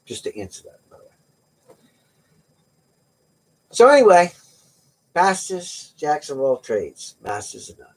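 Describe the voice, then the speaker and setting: A middle-aged man rambles through jokey stories for his livestream viewers. His fairly high voice is husky, and it swings up and down a lot as he talks. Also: very animated, slow, pauses often. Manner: joking, rambling storyteller. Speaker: livestream host. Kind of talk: casual chat with viewers.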